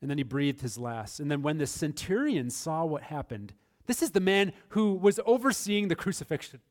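A man preaching a sermon with a slightly higher-than-average voice. He moves between quiet, hushed passages and loud, emphatic bursts. He addresses his congregation directly as a pastor. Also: lively intonation, normal speed. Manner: dynamic preaching, swinging between soft and emphatic.

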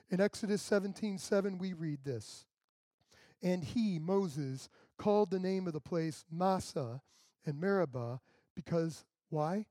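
Guy preaching a sermon, warm mellow tone, chatty, dry close mic. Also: high-pitched, a little slow, dry recording. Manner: conversational preaching with dramatic quoted voices. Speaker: pastor.

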